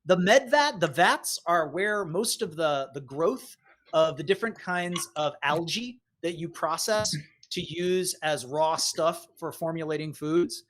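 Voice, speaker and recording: Game master, tabletop narration, lively, descriptive, middle pitch. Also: unhurried.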